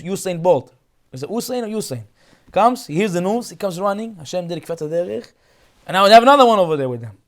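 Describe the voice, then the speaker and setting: A man teaching a Torah class as a rabbi, retelling a story in an animated way with many restarts. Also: fairly high pitch.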